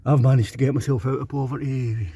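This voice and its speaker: A man's voice: medium pitch, steady tone, quick pace, warm tone, slight background noise. A middle-aged Scottish man delivering a blunt, ranting opinion monologue, stumbling over repeated restarts. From Scotland. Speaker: vlogger.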